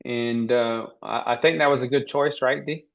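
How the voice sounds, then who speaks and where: A man hosting a team training interview, asking rambling, halting questions with many restarts. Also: mid-range voice, steady tone, vocal fry, highs cut off. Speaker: host.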